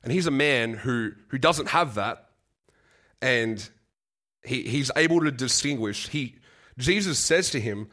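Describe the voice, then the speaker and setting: A young man preaching a sermon and telling a personal story, earnest and halting, often repeating words and getting choked up. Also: medium pitch, lively intonation, sharp tone. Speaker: guest preacher.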